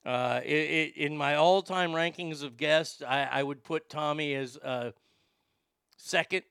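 A man hosting his own podcast, reading listener mail in a profane, excitable, rambling way. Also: on the high side, a little slow, creaky, clear, resonant tone, no echo, clean studio sound. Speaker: podcast host.

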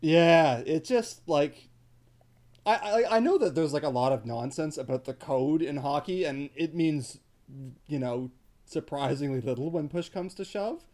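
A man in casual podcast chat about hockey, animated and joking, with exaggerated comparisons. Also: fairly high pitch, measured pace.

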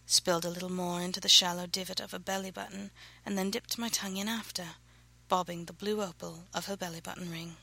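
A woman reading her own erotic novel aloud, narrating softly and breathily, often close to a whisper. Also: lowish voice, level tone, a little fast, gravelly, rough recording.

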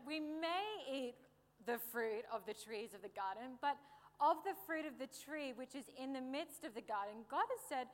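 Woman, sermon, playful, chatty, slightly high voice, hall reverb. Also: expressive, unhurried, a little hiss or hum. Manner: playful, conversational, jokes with the congregation. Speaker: preacher.

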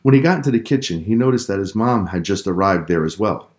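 A man narrates a children's story in a calm, measured voice. His pitch sits very low.

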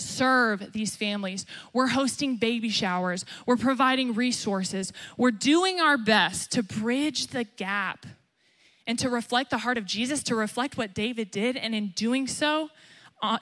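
A young woman pastor preaching a sermon emphatically, acting out quotes as she goes. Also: a bit bright. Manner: emphatic, acts out quotes with rising pitch.

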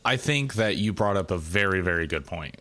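A man's voice: sits low, expressive, pushed and bright. A man co-hosting a casual conversation, talking earnestly with frequent restarts and repeated words. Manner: halting, many restarts, earnest.

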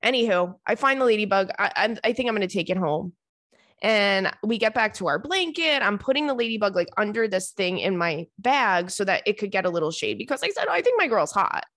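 Chatty, animated woman podcast host. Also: medium pitch, fairly quick, dry recording, clean studio sound. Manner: animated, chatty, self-mocking. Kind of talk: casual comedic storytelling.

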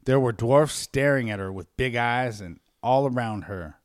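A man's voice: mid-range voice, normal speed, no room sound, clean studio sound. A young man hosting a podcast, reading a story aloud in a comic dramatic style with crude, joking asides.

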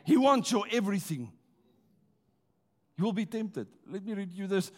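This church sermon comes from a man with a markedly high, expressive voice at a normal pace. He leads the congregation in call-and-response, lingers on important words, and preaches with stirring emphasis.

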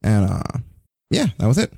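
Sarcastic man with a dark husky voice. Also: on the low side, normal speed, no room sound, studio quality. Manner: sarcastic, swearing, animated. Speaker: podcast host. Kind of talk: casual wrestling news chat.

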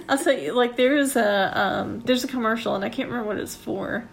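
A woman's voice: a little high, fairly quick, gravelly, few pauses. A woman telling long rambling stories in a casual chat among friends, swearing now and then.

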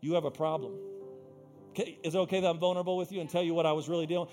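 A man preaching with a high, bright voice, climbing to loud emphatic peaks and then dropping to quiet, teasing asides. He jokes at his own expense between points. Faint music sits under his voice. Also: fairly even intonation, racing. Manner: playful, self-teasing asides. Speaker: pastor. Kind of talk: sermon.

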